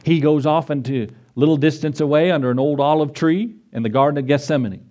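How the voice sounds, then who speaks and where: A middle-aged pastor giving a sermon, climbing to a high, urgent pitch as he presses his points and briefly acts out the voices of biblical figures. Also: steady tone, quick pace, mellow, muffled recording.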